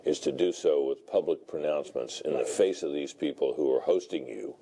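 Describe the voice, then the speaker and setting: A man commenting on a televised political panel, measured and deliberate, often hunting for words. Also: extremely low pitch, mellow, husky. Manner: measured and deliberate, with frequent filler words and restarts. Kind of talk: broadcast panel discussion.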